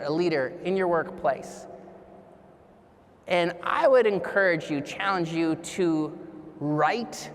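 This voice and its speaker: A man's voice: high-pitched, slight background noise. A man giving a motivational keynote speech, telling personal stories and putting questions to a live audience. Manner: storytelling, addresses audience with questions. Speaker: keynote speaker. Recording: long hall reverb.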